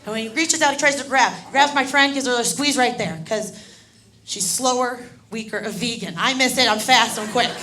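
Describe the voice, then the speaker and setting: Female stand-up comedian, bright higher voice, lively storyteller on a club stage mic. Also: brisk, a little hiss or hum. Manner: animated storytelling, acting out drunk voices.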